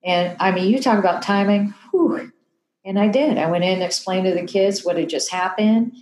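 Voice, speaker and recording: A woman in her fifties, a television personality telling an emotional story in a podcast interview, animated and acting out the voices she quotes. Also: mid-range voice, moderate pace, reverberant, rough recording. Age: 50s.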